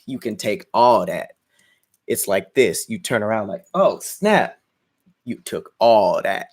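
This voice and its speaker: A man's voice: on the low side, unhurried, a little mellow. A young man hosting a casual podcast, chatting and freestyling crude, boastful raps while joking and laughing at himself. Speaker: podcast host. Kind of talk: casual livestream chat and freestyle rap.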